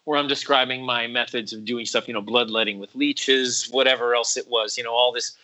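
A man telling a story in casual chat, animated and acting out quotes in other voices, with lots of "like" and "bro". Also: medium pitch, a little fast, low-quality recording.

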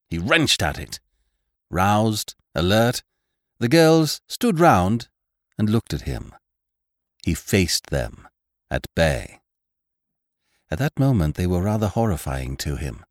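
Slow, expressive male storyteller. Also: low-pitched, dry recording, studio quality. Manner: expressive, theatrical reading. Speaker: narrator. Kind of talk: scripted story narration.

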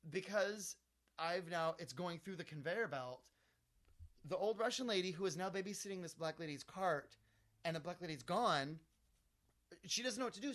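A man with a slightly high voice tells a rambling comic story in a relaxed, chatty way. He curses freely and slips into other people's voices as he goes. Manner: animated, chatty, swears casually. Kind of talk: comic storytelling, casual chat.

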